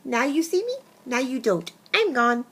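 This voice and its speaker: Woman putting on a tiny, courteous storybook mouse, soft and high. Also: sing-song, moderate pace, husky, heavily acted. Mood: polite. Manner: soft, apologetic and polite. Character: small polite male mouse, gently persistent.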